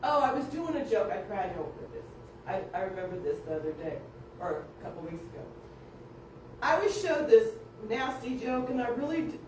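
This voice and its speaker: A woman casually telling family stories, animated, acting out voices and laughing often. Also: fairly high pitch, slight background noise. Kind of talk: casual storytelling. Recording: echoey room, distant mic.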